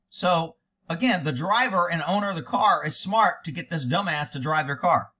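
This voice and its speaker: A blunt, sarcastic man commenting on police footage as a cop would, with a bright, forceful edge to his voice. His voice sits a little high for a man, and he swears freely as he tears into what he hears. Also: animated, moderate pace, husky. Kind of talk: reaction commentary.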